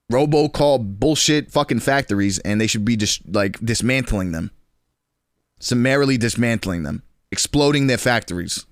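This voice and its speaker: A man's voice: mid-range voice, no echo, studio quality. Rambling young man chatting on stream. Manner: rambling, slangy, quick restarts. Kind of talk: casual stream chat.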